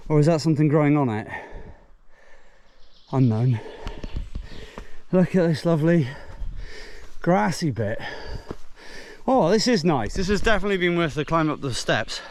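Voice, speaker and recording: A man's voice: a little high, expressive, moderate pace, pauses often, a little mellow. A man from Britain, out of breath, chatting casually as he films himself hiking up a steep woodland trail and exclaiming at the views. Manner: chatty, exclaims at the scenery, puffing between remarks. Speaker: hiking vlogger. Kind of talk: casual walking commentary.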